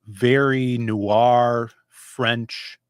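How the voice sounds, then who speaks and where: A man hosts a comics livestream in a loose, chatty way, hopping from one topic to the next. His voice sits in a middle pitch. The sound is dry and close. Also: fairly even intonation, very slow, clear, resonant tone, no echo. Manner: chatty, jumps between topics. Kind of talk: casual livestream chat.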